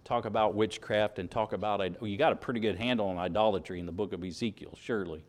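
A man preaching, a pastor reading scripture aloud and explaining it with animated emphasis. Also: fairly low pitch, fast.

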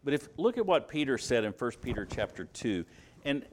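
A man with a Southern US accent preaching a sermon, stressing key words by rising, dropping and slowing down. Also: mid-range voice, very animated. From Alabama, US. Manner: emphatic, rises and drops for stress, slows on key words.

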